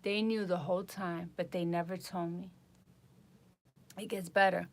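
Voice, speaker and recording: A woman vlogger telling a personal story in a casual, exasperated way, with animated retelling. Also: lowish voice, unhurried.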